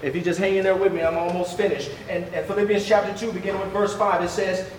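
A high-voiced male preacher delivers a fervent sermon full of rhetorical questions and stammered restarts. His voice rings around a roomy, echoey hall, with faint ambience underneath. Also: fairly even intonation, fast, few pauses, a little hiss or hum.

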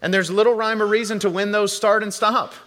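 Guy preaching a sermon, earnest and chatty, bit higher voice, church reverb trailing off. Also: steady tone, fairly quick, a bit bright. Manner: earnest, conversational preaching with repeated phrases and restarts. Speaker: pastor.

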